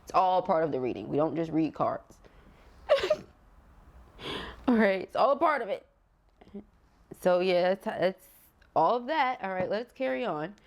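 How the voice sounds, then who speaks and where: A tarot reader speaks to camera in a low, relaxed woman's voice. She is chatty and open with feeling, laughs often and addresses her viewers directly, with features. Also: unhurried, long pauses, muffled recording. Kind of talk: casual tarot reading to camera.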